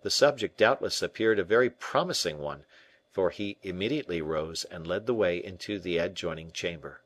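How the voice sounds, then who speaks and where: A man narrating a classic adventure novel in a measured, expressive storytelling manner. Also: sits low. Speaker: audiobook narrator. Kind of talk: scripted narration.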